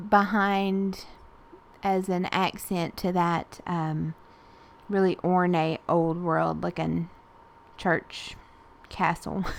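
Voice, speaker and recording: A Southern woman from Tennessee chatting casually through a voice-over as she makes a collage art journal page, rambling with fillers and soft laughs. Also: medium pitch. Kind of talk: casual voice-over narration while crafting.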